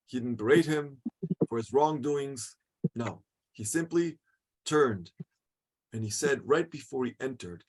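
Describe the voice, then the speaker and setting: A man teaching a religious class as a rabbi, telling a story in an animated way with many restarts. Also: medium pitch, breathy edge.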